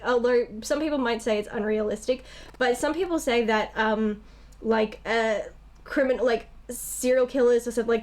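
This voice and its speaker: A young woman co-hosting a casual movie review chat, animated and blunt, acting out characters' lines as she talks. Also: on the high side. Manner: animated, acts out characters' lines, swears freely. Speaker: co-host.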